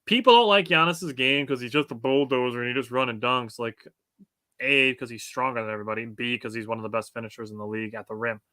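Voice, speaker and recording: A man co-hosting a casual sports podcast, riffing on games and reading viewer comments aloud. His voice is bright and forward, recorded close and dry with no room sound. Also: mid-range voice, fast talker, no room sound. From United States. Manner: laughs often, reads chat comments aloud. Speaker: podcast co-host. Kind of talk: casual sports talk chat.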